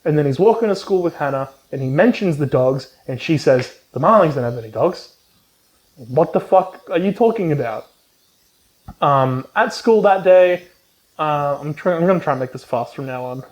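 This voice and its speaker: A man's voice: fairly high pitch, expressive, moderate pace, darkish tone, rough recording. A man recapping a book casually, rambling with lots of ums and swearing, and acting out the characters' lines. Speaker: book reviewer.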